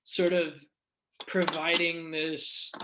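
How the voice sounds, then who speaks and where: A man's voice: fairly high pitch, flat delivery, extremely slow. Rambling young man, faint background hiss. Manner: loose, rambling storytelling with lots of "like" and some swearing. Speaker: podcast guest. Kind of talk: casual comedy chat.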